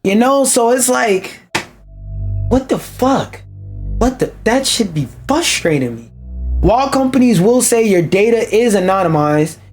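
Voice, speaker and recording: A man's voice: high-pitched, darkish tone. Profane ranting young man streamer. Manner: profane, ranting, interrupts reading to complain. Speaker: streamer reading an article aloud. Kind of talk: casual reaction commentary.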